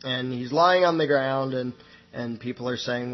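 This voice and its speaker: A man's voice: mid-range voice, unhurried, lo-fi sound. A man hosting a radio show, telling a folksy parable and acting out its characters. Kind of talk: storytelling monologue.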